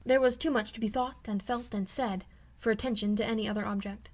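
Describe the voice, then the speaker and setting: A woman narrating a classic novel as an amateur audiobook reader, in a measured, steady manner. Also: on the high side.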